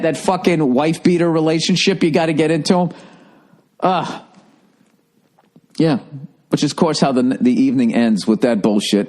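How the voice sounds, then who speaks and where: A man's voice: mid-range voice, normal speed. A man hosting a podcast, ranting through profane, rambling comic stories. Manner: profane, rambling, animated storytelling. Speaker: comedian and podcast host. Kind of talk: stand-up style podcast rant.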